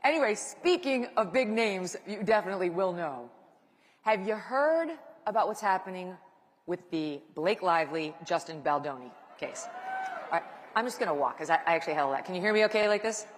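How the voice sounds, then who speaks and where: A woman's voice: on the low side, expressive, moderate pace, slight background noise. Woman speaker, chatty and self-mocking, long reverb of a large hall. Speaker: guest speaker. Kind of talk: casual stage talk.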